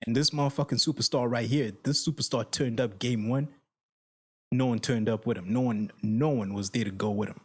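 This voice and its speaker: A husky-voiced man delivers an angry solo rant straight to his viewers. He repeats lines for emphasis and swears freely, his middle-pitched voice heated and blunt. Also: steady tone, a little fast. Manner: heated, repetitive, profane, addresses viewers directly. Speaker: sports reaction channel host.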